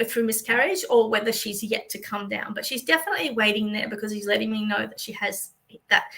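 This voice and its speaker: A woman's voice: on the high side, gravelly, pushed and bright, low-quality recording. An Australian woman, a psychic medium, chatting through a livestream reading for viewers with many fillers and a reassuring manner.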